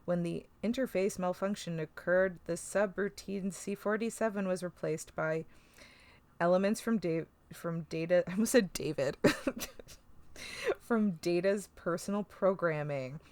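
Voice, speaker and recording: A woman on a podcast, chatting loosely with plenty of ums and casual swearing. Her voice sits a little low. The recording is close and very dry. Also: a little slow, a little mellow, no room sound. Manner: chatty, swears freely, laughs often, many fillers. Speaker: podcast co-host recapping an episode. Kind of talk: casual chat.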